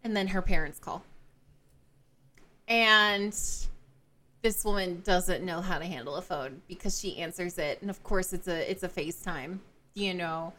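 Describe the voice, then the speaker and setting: A woman podcast co-host casually recapping a novel, telling the story in an animated way with frequent laughs and fillers. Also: on the low side, measured pace, a little hiss or hum. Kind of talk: casual book-club chat.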